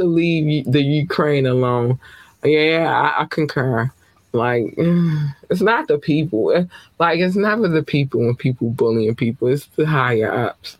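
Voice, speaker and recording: A man hosting a podcast, talking casually with chatty, affectionate, rambling shout-outs to his listeners. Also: on the high side, measured pace, no room sound. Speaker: podcast host.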